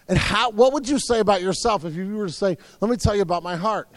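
A man preaching a sermon in an earnest way, repeating words and swinging between loud and soft. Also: high voice, fast talker, few pauses, no room sound, in a large hall. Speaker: pastor.

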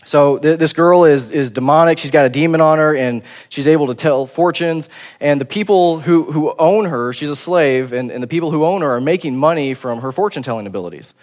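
Casual, conversational male preacher, slightly high voice. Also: fairly quick. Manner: casual and conversational, acts out quotes in a relaxed voice. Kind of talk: sermon.

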